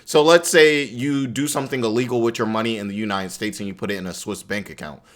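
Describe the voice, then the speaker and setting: A man talks through a news story in a relaxed, off-the-cuff commentary. His speech is chatty and loose, full of conversational fillers, at an ordinary middle pitch. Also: fast. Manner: chatty, loose, repeats "you know what I'm saying". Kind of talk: casual commentary reacting to a video.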